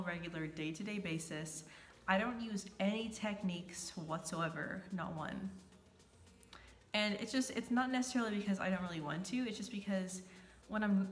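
A woman vlogger talking casually to camera, stuttering often and repeating sounds and words. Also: on the low side. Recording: echoey room.

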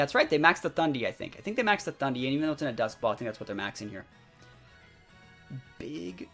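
A young man chatting excitedly as he commentates his own competitive game match, full of fillers. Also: mid-range voice. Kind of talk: live gameplay commentary. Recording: faint background music.

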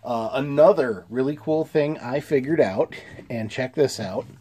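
A man chatting through a toy review in a mellow, darker tone. He sounds a little congested, clears his throat now and then, and keeps it easygoing with plenty of "uh"s and restarts. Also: medium pitch, a little slow. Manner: easygoing, chuckling, many fillers and restarts.

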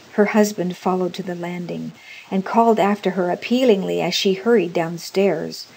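Slow husky woman reading a story. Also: medium pitch, poor audio. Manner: slow, expressive reading for learners. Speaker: narrator.

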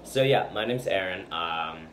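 Teen boy, unscripted vlog, low and unhurried, fumbling with fillers, audible background noise. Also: animated, a bit bright. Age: teens. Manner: hesitant, many fillers and restarts. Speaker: fan channel member. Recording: noisy home recording.

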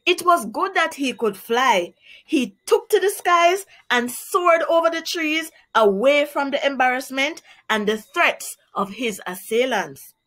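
Slow-spoken Jamaican woman teacher. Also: high-pitched, animated, a bit bright. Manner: slow, clear, explanatory. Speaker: primary school teacher. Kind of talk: children's read-aloud and vocabulary lesson.

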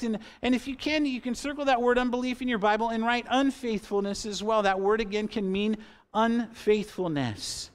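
A man's voice: very high voice, moderate pace, clear, resonant tone. A man in his fifties preaching a sermon as pastor in a church, earnest and conversational, with asides to the congregation. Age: 50s. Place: church sanctuary.

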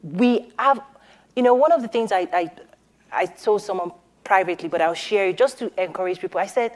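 An earnest woman moderating a panel, talking persuasively and often restarting sentences. She leans on everyday analogies to make her point, and her pitch sits in a middle range. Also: brisk. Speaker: summit organizer and panel moderator. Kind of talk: panel discussion.

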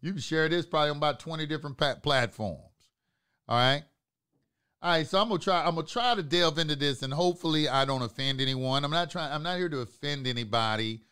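A man's voice: on the high side, fast, bright, forceful tone, clean tone. Emphatic man preaching to his viewers. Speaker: host of an online talk channel. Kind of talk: live-streamed monologue to viewers.

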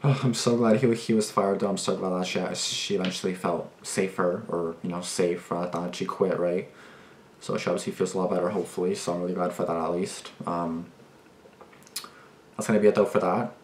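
Low-sitting and brisk, with little pitch variation, the young reaction-video host rants casually and agitatedly. Swearing and restarts are frequent; the room echoes and there's slight background noise.

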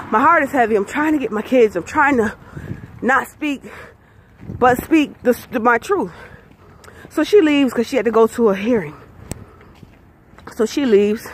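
A woman's voice: a little high, slight background noise. A woman in her forties from the United States, telling her custody story straight to camera in an emphatic, profane, aggrieved way. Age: 40s. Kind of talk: direct-to-camera personal testimony.

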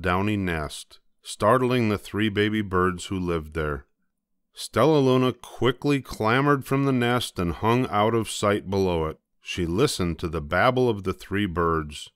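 An older man gently reading a children's picture book aloud, slowing down for the dramatic moments. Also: lowish voice, lively intonation, clear, resonant tone, no room sound, clean studio sound. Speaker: storybook reader.

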